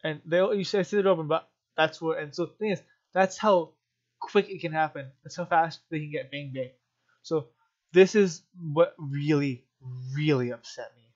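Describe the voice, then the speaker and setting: A man's voice: a little high, normal speed. Emotional man with a dull, lo-fi sound. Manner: emotional, stumbling restarts. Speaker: political commentary vlogger. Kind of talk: rambling commentary while reading articles.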